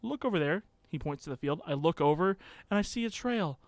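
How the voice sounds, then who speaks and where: A young man telling a story as a podcast guest in a casual, animated way, acting out the quotes. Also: brisk, no echo. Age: young adult. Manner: animated, acts out quotes with big pitch jumps.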